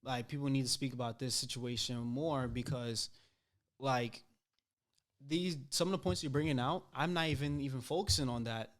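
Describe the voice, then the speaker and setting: Man, podcast host, casual and agreeable, mid-pitched everyday voice. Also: moderate pace, a bit bright. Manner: agreeable, affirming the other speaker often. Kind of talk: casual debate chat.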